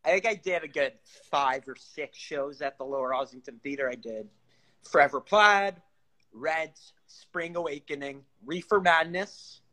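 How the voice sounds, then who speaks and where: Bright-toned man chatting casually. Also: on the high side, measured pace. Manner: chatty, laughs often, restarts sentences. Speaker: podcast guest, stage actor. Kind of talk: casual chat.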